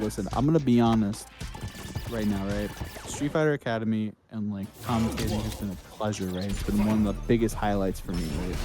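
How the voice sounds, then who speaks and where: A man co-commentating fighting game matches for a tournament stream, upbeat, with music underneath. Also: medium pitch. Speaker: esports co-commentator. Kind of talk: play-by-play commentary.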